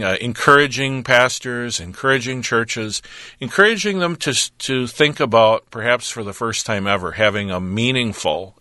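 Man, ministry representative, earnest, measured, preacherly, bright forceful tone, dry recording. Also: fairly low pitch, no echo. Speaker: ministry representative, Bible teacher. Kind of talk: radio interview about his ministry.

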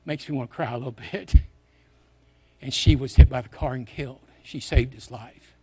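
A man's voice: medium pitch, normal speed, dark tone, slightly rough. An older man shares a memory from the pulpit, earnest and conversational. He often restarts his phrases as he tells his story, in a mid-range voice. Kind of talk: personal storytelling.

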